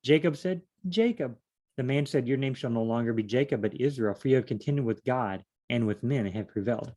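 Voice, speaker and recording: A man with a middle-range voice works through scripture on his own. He reads a passage aloud, then stops to puzzle over it in a relaxed, conversational way. The tone is an informal solo study rather than a sermon. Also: mid-range voice, a little fast. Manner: reads verses aloud then muses and questions them conversationally. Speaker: Bible study teacher. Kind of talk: casual Bible study reading and commentary.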